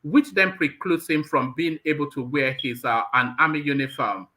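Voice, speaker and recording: A man's voice: fairly high pitch, moderate pace, bright, forceful tone. A man hosting a live talk stream, blunt and combative, stammering when worked up. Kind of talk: heated live discussion.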